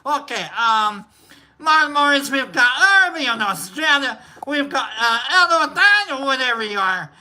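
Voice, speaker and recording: A man's voice: very high voice, normal speed, pushed and bright, a little hiss or hum. A man hosting a casual livestream chat in a put-on drunk Scottish accent, rambling and swearing with cackling laughs. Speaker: livestream host.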